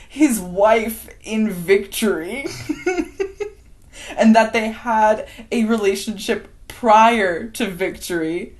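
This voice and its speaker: A woman's voice: medium pitch, takes it slowly. A woman giving an unscripted, rambling movie recap, often laughing as she acts out scenes. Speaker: film commentator.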